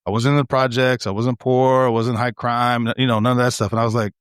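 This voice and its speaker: A man co-hosting a podcast, telling stories in an animated, swearing, laughing casual chat. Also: mid-range voice, brisk, clean tone, dry recording, clean studio sound. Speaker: podcast co-host.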